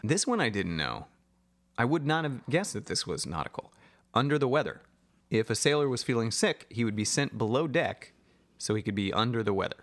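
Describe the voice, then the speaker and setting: A man with an everyday mid-range voice, talking casually and with wry humor. He explains things in a relaxed, conversational way and often laughs along. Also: medium pitch, brisk. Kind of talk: casual chat.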